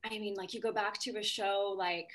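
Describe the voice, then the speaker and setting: A woman's voice: medium pitch, fairly even intonation, moderate pace, a bit bright. A woman in casual discussion on a podcast, talking in a chatty way with many fillers and restarts.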